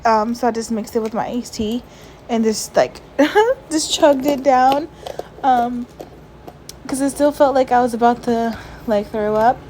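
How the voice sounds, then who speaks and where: A stressed, emotional woman talking softly in a casual vlog voiceover, sighing often and filling her talk with "like.". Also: on the high side, unhurried, a little hiss or hum, low-quality recording. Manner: soft, sighing, frequent "like" fillers. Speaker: vlogger. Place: at home, lying down. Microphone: voiceover mic.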